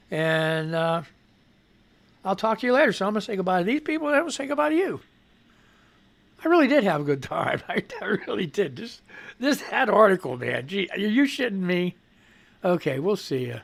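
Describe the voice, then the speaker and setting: Male radio host with a gravelly, slightly rough voice; reads news copy, then rants sarcastically with profanity. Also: sits high, animated, moderate pace, a bit bright. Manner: sarcastic, profane ranting while reading news. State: voice not quite right. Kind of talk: live radio news commentary.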